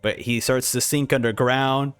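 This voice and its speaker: A man's voice: mid-range voice, moderate pace, clean tone, soft background music. A man hosting a casual manga reaction, narrating panels and acting out the dialogue. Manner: animated, acts out dialogue. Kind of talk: casual commentary.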